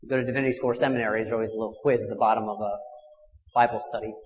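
A man in his thirties, a minister, telling a personal story in a sermon, swinging from fierce loud passages to hushed ones. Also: fairly low pitch, steady tone, rapid-fire. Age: 30s. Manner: intimate confessional storytelling with dramatic swells and hushed drops. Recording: long hall reverb.

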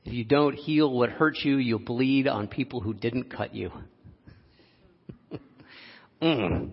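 A man preaching a sermon, telling a personal story with frequent laughs and an animated delivery. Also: mid-range voice, slow pace, creaky, pauses often, husky. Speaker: pastor. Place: church sanctuary. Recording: dull lo-fi audio, long hall reverb.

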